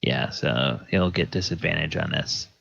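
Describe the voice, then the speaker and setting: A man running a tabletop game as dungeon master, unhurried and hesitant, with many fillers. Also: rumbling low, creaky, a bit bright. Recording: dull lo-fi audio.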